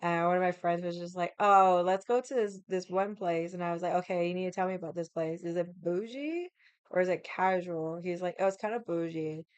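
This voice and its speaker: A woman with a raspy voice from losing it, telling a casual story with lots of fillers, acted quotes and loud laughs. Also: on the low side, steady tone, a little fast, no echo. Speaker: vlogger.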